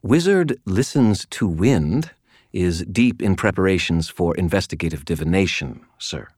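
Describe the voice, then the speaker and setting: A man's voice: low-pitched, expressive, measured pace, a little mellow, breathy edge, no room sound, clean studio sound, exaggerated voice. A man voicing a fussy, reedy little wizard clerk who speaks with prim, polite disapproval.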